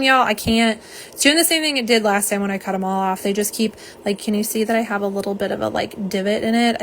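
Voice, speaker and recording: A woman's voice: mid-range voice, a bit bright, slight background noise. A woman hosting a live nail polish swatch stream, chatting casually with viewers, greeting them by name and joking about herself. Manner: chatty, greets viewers, self-deprecating, says y'all.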